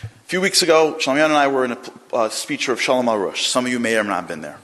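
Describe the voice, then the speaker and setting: Male speaker, animated storyteller, mid-range voice, long hall reverb. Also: medium pitch, quick pace. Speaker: inspirational speaker. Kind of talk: storytelling inspirational talk.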